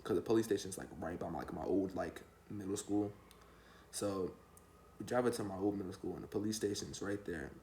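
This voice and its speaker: A man's voice: deep voice, brisk, dark tone, slight background noise. A young man telling a rambling, slangy story to his vlog viewers in a laid-back way. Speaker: storytime vlogger. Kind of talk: casual storytelling.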